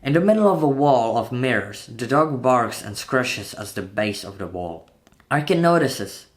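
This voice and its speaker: A man's voice: medium pitch, big pitch swings, moderate pace. A man retelling a horror film scene by scene in a tense, dramatic narration, voicing the sound effects himself. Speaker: channel host narrating a film breakdown.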